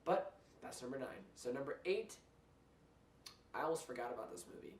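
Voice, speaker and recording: A young man hosting a casual film review, blunt and animated, often restarting his sentences. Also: mid-range voice, brisk. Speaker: movie reviewer host. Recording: roomy, distant mic, faint noise.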